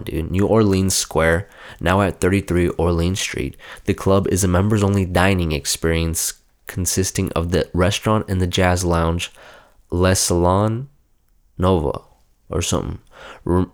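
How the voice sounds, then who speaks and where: Very deep-voiced man, profane casual chat. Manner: profane, rambling, self-mocking. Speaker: podcast host. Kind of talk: casual chat, reading aloud from a phone.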